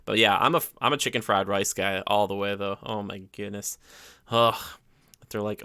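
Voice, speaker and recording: A man's voice: on the low side, steady tone, brisk, vocal fry, bright, forceful tone, no echo, studio quality. A man co-hosting a podcast in casual chat, enthusiastic and rambling, with many fillers. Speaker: podcast co-host.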